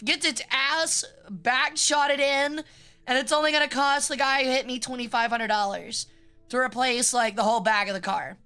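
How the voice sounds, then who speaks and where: Young woman, casual stream chat, joking and swearing, a bit high-pitched, sharp and bright. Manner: rambling, joking, swears freely.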